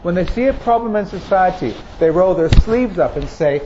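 Earnest preaching man, dark tone. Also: a little high, animated, moderate pace, few pauses. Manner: earnest, emphatic preaching with repeated phrases. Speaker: pastor. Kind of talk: sermon. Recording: muffled recording with faint noise.

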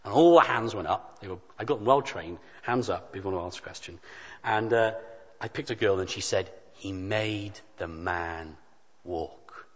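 A man preaching a sermon in an earnest, emphatic, deliberate way. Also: lowish voice, a bit bright, slightly rough. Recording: dull sound with long hall reverb.

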